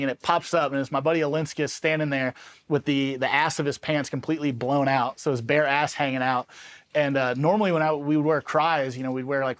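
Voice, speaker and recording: A man in his thirties from Los Angeles, a former soldier telling war stories in a loose, casual way, full of filler words and quick laughs. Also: on the high side. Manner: loose and conversational, full of "like" and "you know what I mean", laughs often. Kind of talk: casual first-person storytelling.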